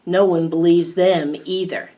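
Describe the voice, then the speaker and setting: A woman's voice: on the low side, fairly even intonation, a little slow, mellow, lightly acted. A woman voicing a stubborn young boy who talks in a blunt, questioning way, recorded from a distant mic. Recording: distant mic, faint background hiss.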